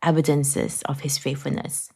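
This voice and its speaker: A woman's voice: very deep voice, level tone, normal speed, creaky, dark tone, breathy edge. A woman co-hosting a faith-based podcast, reflective and affirming as she talks. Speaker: podcast co-host. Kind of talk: faith-based casual chat.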